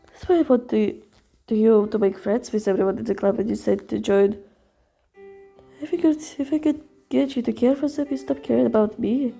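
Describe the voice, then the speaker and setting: A woman voicing a troubled young male best friend in a fan reading of a visual novel; soft, hesitant and apologetic. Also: a little high, fairly even intonation, fairly quick, gravelly, slightly rough, faint music behind. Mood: sad.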